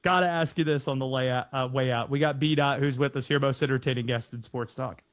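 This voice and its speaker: A man hosting a sports talk radio show, casual and playful, quick to joke with guests. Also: mid-range voice, steady tone.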